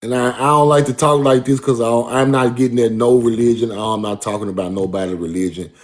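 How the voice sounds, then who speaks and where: A man's voice: mid-range voice, fairly even intonation, fast. Emphatic man giving a casual lecture. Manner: emphatic, repeats himself, addresses listener as bro. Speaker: speaker giving a talk. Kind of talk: casual street-style lecture.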